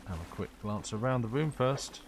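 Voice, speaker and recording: A man's voice: mid-range voice, expressive, normal speed, background noise. A man streaming a horror game live, chatting with wry asides. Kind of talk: live gameplay commentary.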